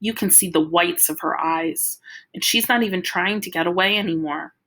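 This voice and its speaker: A woman reading a novel aloud to listeners with dramatic delivery, sometimes dropping to a hushed whisper. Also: on the low side, moderate pace. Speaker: reader.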